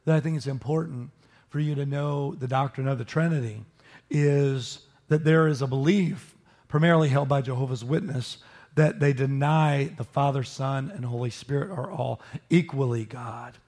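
A man preaching a sermon, teaching with animated emphasis and joking with his listeners. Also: medium pitch, normal speed. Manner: animated, rises sharply for emphasis, jokes with listeners. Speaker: pastor.

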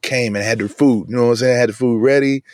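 A man hosting a casual devotional podcast from inside his van, talking in a relaxed, chatty way and often saying "man". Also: mid-range voice, quick pace, no room sound, studio quality. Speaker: podcast host. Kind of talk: casual devotional bible talk. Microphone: video camera in a van.

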